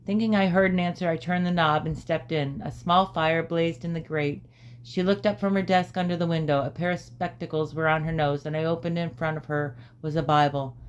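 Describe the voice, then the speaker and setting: Calm woman reading a storybook. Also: low-pitched, brisk, smooth. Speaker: audiobook reader. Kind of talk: storybook narration.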